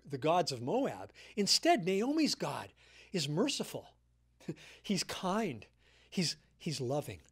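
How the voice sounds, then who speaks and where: A man's voice: high voice, a bit bright. A man in his sixties, a guest speaker giving a sermon, retelling a story earnestly and repeating his key points.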